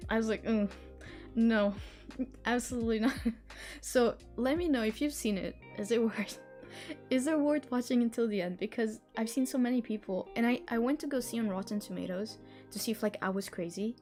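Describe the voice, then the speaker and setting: A woman's voice: a little high, a little fast, darkish tone, faint music behind. A young woman hosting a live stream, chatting casually in a rambling, giggly way with lots of restarts. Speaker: streamer hosting reading sprints.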